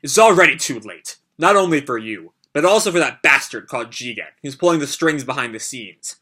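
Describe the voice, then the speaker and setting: A man voicing a furious but steady middle-aged ninja hero, reading manga lines aloud in a grim, measured way. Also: mid-range voice, slightly rough.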